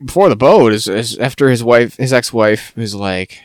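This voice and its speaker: A man co-hosting a podcast, rambling through a TV recap and slipping into quick mock quotes of the characters. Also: lowish voice, no echo, studio quality. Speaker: podcast co-host. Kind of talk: casual chat recapping TV.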